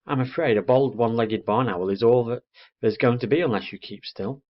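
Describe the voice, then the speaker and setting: A man's voice: medium pitch, a little fast, close to an everyday voice. A man voicing a sweet, friendly young woman who speaks in a polite, encouraging manner. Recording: dull lo-fi recording.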